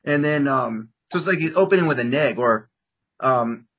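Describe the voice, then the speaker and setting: A man coaching a client on dating, talking in a rambling, animated way full of "like" and acting out example lines. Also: normal speed. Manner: acts out example lines in bursts of higher pitch. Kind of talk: casual coaching session.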